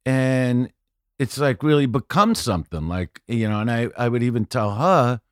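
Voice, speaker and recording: A man telling stories as a podcast guest, profane and rambling, saying "you know" constantly and often building to loud punchlines. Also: medium pitch, normal speed, dry recording, clean studio sound. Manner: animated, often shouting punchlines. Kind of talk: casual storytelling chat.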